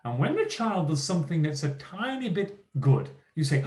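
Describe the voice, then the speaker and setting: This keynote speaker, a man with a somewhat high voice, talks to teachers at a normal rate with hardly a pause, his words echoing around the room. Lively and emphatic, he plays out what teachers and children say.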